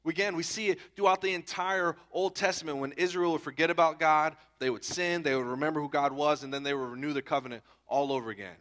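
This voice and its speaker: A man in his thirties preaches a sermon conversationally, often checking in with listeners by asking "okay?" and "right?". He's a pastor with a slightly high, steady, fairly bright voice, and he talks fast with hardly any pauses.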